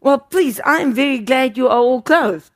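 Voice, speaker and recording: A woman's voice: high voice, moderate pace. A woman preaching a sermon, emphatic and repeating words for stress.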